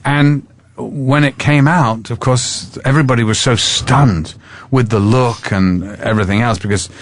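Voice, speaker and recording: A man in his sixties, appearing as a guest actor on a talk show, tells stories in a chatty, amused way during a casual interview, slipping into character voices. He speaks at medium pitch, a little slowly.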